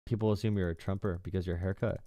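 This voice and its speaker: A man's voice: low voice, steady tone, fast talker, warm tone, no room sound. A young man hosting a political livestream, talking casually with a sarcastic, mocking tone and frequent laughs. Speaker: political streamer and call-in show host.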